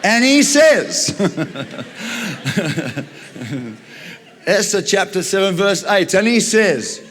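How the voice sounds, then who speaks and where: A man preaching a storytelling sermon, retelling a Bible story in an animated way with frequent chuckles. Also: high voice, extremely slow, long reverb tail, slight background noise.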